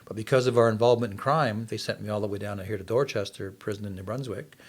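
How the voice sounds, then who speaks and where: A man's voice: fairly low pitch, fairly even intonation, fast. A man in his sixties from Canada, earnestly telling his life story as a podcast guest. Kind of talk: testimony in casual interview.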